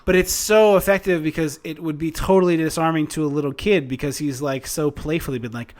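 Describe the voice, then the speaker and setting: A man's voice: on the high side, animated, fairly quick, few pauses. Chatty male podcast co-host. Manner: chatty, enthusiastic, many fillers and restarts. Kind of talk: casual chat, film review.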